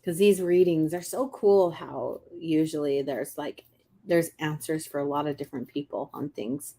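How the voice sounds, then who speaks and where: A woman coaching viewers on a casual live stream, chatty and animated, acting out little inner voices, with frequent restarts and throat clearing. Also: low voice, normal speed. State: clearing her throat often. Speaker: intuitive coach hosting a live reading.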